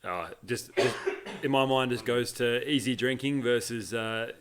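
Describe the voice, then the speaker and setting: A man's voice: medium pitch, unhurried. A man in a casual podcast chat, speaking in long run-on thoughts and breaking into laughter. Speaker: podcast co-host.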